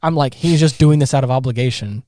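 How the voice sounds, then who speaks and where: A man co-hosting a podcast, recapping a film in casual chat with animated, ranting energy. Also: medium pitch, fast talker, no echo. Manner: animated, ranting, breaks into exasperated laughs. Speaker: podcast co-host.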